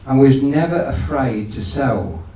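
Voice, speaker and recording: A guest speaker gives a folksy, anecdotal business talk to an audience in an event hall, restarting frequently. His mid-range voice is warm, a little slow, and swings widely in pitch, recorded in an echoey hall far from the mic.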